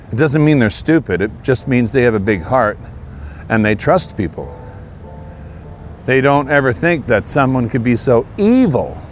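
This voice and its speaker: A man from Canada talking casually while out on a walk, earnest and indignant, with a preachy edge. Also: mid-range voice. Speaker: vlogger. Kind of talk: casual walking monologue. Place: outdoors on a walk near traffic.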